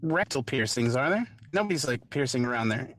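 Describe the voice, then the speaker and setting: A woman hosting a podcast in casual chat, with an animated, giggly manner and hesitant fillers. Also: very deep voice, a little fast, dry recording. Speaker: podcast host.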